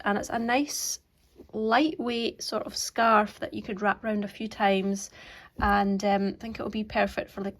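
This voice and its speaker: A woman with a Scottish accent talks through her knitting in easy, casual chat, her voice sitting at an ordinary middle pitch. She rambles along with plenty of ums and now and then drops into a soft, murmured aside. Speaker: craft vlogger.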